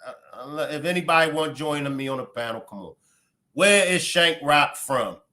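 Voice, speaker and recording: A man's voice: a little high, moderate pace, pushed and bright. A man with a Baltimore accent, hosting a livestream with blunt, profane, fiery commentary. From Baltimore, USA. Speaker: livestream host.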